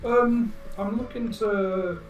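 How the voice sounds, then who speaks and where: A hesitant player in a tabletop game, a man with a somewhat high voice who keeps stopping to think. He sits back from the mic in an echoey room. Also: fairly even intonation, slow, far from the mic, faint music behind. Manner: hesitant, many ums. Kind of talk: tabletop role-play.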